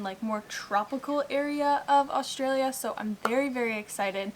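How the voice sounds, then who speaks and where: A young woman vlogs casually to camera about her day from inside a house in Bali, hot and sweaty. Her voice is on the high side and fairly bright, with a little hiss or hum, in an echoey room with faint ambience. She's chatty and upbeat, saying "like" constantly.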